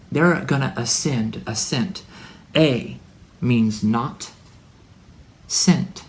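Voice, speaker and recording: A man delivering a rambling spiritual monologue to his son. He is preachy and full of wordplay, and he swings from loud declarations to hushed asides. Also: mid-range voice, gravelly. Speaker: religious speaker addressing his son.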